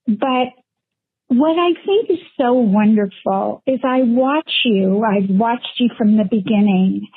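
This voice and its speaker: A woman's voice: fairly high pitch, breathy edge, dry recording. A woman caller leaving a heartfelt, chatty voicemail. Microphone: phone. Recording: tinny phone line voicemail.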